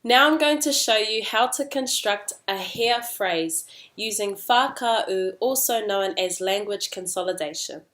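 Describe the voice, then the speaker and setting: A woman teaching an online language lesson in a relaxed, chatty way, with fillers and side remarks. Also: medium pitch, a little slow.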